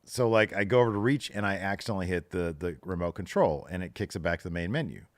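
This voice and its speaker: A man's voice: deep voice, animated, fast talker, dry recording, studio quality. A man co-hosting a podcast who chats in a loose, rambling way, full of fillers. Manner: chatty, rambling, many fillers like "like" and "you know". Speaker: podcast co-host. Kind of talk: casual chat.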